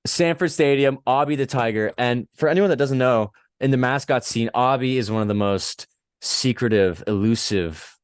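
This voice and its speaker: A man hosting a casual interview, laid-back and quick to laugh. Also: medium pitch, clear, resonant tone, no echo, clean studio sound. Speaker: podcast host.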